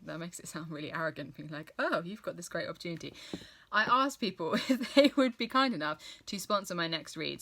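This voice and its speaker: Young woman, book vlogger, casual and gushing, bright edge, lowish voice. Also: vocal fry. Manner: chatty, enthusiastic, self-correcting. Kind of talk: casual book review chat.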